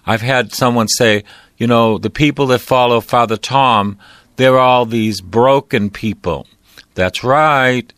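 A man's voice: medium pitch, slow, fairly bright tone, clear, resonant tone, no room sound. A middle-aged man preaches in the rolling, repetitive cadence of a priest's sermon, pressing each point home with emphasis. The recording is dry and close, with no room sound.

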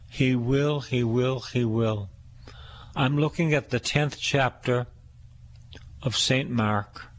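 Male preacher delivering a sermon, slow and deliberate, with scripture readings and repetition. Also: mid-range voice.

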